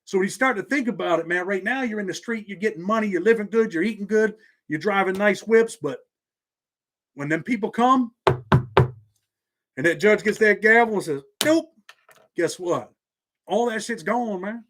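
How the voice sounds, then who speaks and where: A man's voice: high-pitched, moderate pace, pauses often, a bit bright, slight background noise. A man with a Southern accent hosting a live stream from his home office, talking in laid-back street slang. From Indiana. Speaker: channel host.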